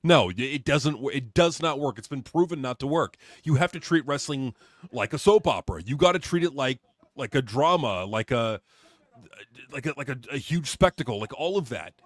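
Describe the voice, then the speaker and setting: A man's voice: medium pitch, expressive, moderate pace, dry recording. A man co-hosting a casual podcast, ranting in a heated, profane way about wrestling. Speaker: podcast co-host.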